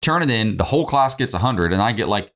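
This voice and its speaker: A man's voice: fairly low pitch, quick pace. A man in his thirties co-hosting a podcast, telling stories in casual chat and swearing freely. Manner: animated storytelling, swears freely. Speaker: podcast co-host.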